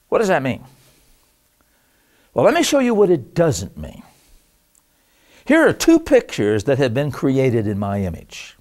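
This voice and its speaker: A man's voice: medium pitch, darkish tone. A man giving an emphatic, conversational lecture to an audience with slides, using asides and self-deprecating humor. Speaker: Christian apologetics lecturer.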